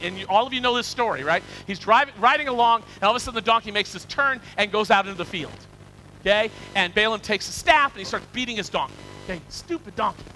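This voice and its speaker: A man preaching a storytelling sermon, animated and conversational, with repeated words and asides to his listeners. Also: high voice, rough recording.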